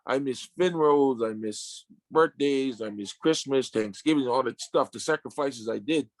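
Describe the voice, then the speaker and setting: In an interview, a man in his fifties of Samoan family background, a former sumo wrestler, recounts his story with casual slang and emotional, halting restarts. He has a mid-range voice, captured in a dry recording.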